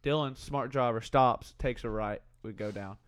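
A man's voice: mid-range voice, normal speed, smooth. A young man casually telling rambling hunting stories among friends, laughing often.

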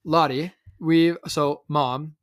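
A woman's voice: deep voice, fairly even intonation, slow, no room sound, studio quality. A woman hosting a faith podcast, teasing and encouraging her younger sister as guest. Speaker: podcast host. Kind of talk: casual faith podcast chat.

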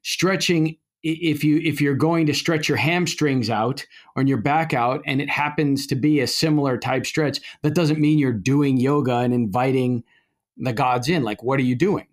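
A middle-aged male priest co-hosting a talk podcast. He rambles loosely, restarting sentences and filling pauses with "uh." His pitch sits in an ordinary middle range. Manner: rambling, frequent fillers and restarts. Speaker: podcast co-host, Orthodox priest. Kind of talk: casual conversational podcast talk.

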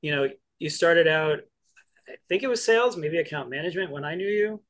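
A man hosting a podcast, asking long, meandering questions in a halting way. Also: on the high side, expressive, fairly bright tone. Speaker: podcast host. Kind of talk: casual interview chat.

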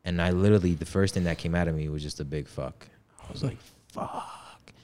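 A man in his twenties, a podcast guest, recounts a personal story in laid-back, slangy casual talk. His voice is low and warm, with fairly even intonation and a quick pace.

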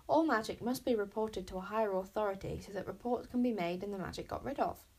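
A woman's voice: medium pitch, fast talker, a little mellow, breathy edge. A woman voicing an earnest, rule-obsessed boy bodyguard in a storybook reading, fussy and lecturing. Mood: indignant. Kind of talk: storybook read-aloud.

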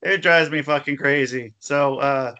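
A man's voice: medium pitch, steady tone, measured pace, bright, forceful tone, clean tone, dull audio. A man co-hosting a podcast in laid-back, rambling casual chat, swearing freely. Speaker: podcast co-host.

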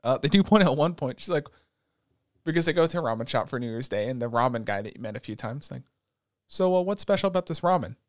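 A young man recounts a show in loose, profane chat and keeps dropping into quick impressions of the characters. His voice sits at an ordinary middle pitch. The sound is dry and close, with no room around it. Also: no echo. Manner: profane, animated storytelling with quick put-on voices. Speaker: podcast co-host recapping an anime. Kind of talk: casual chat.

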